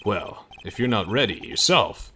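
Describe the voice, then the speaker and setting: A man voicing a cool, aloof male prosecutor who speaks slowly and contemptuously. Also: fairly low pitch, animated, background noise, pitched below the performer's own voice. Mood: cold. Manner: slow, cold, contemptuous.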